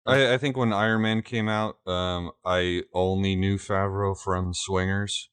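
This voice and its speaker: Low-voiced chatty man on a podcast. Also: fairly even intonation, measured pace, fairly bright tone, clear, resonant tone, dry recording. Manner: chatty, jokey, restarts his sentences. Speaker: podcast co-host. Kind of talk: casual chat.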